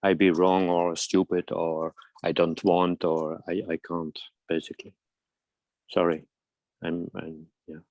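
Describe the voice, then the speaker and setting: A man's voice: low-pitched, level tone, unhurried, creaky, darkish tone, no room sound. A man in an online group meeting who speaks hesitantly, stammering and breaking off mid-sentence. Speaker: meeting participant. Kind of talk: halting personal talk in an online meeting.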